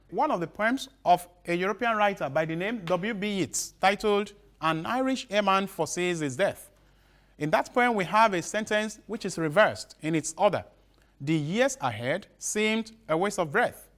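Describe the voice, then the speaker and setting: A male teacher giving a broadcast literature lesson, repeating each definition slowly with halting restarts. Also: high-pitched, fairly bright tone.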